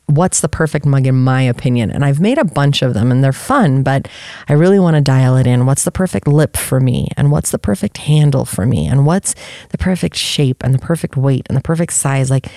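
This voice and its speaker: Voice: mid-range voice, mellow, dry recording, studio quality. A podcast host talking candidly and reflectively about personal experience, often restarting sentences while searching for words.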